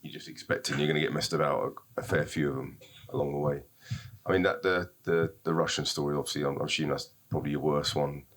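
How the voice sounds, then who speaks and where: Very deep, flat-voiced fast male host. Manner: casual, halting lead-in to questions. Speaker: podcast host. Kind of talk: interview question.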